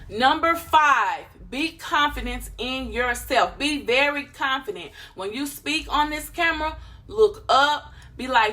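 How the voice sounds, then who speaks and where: A woman giving casual YouTube channel advice, animated and playful, acting out quick voices of others. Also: sits high. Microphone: phone camera.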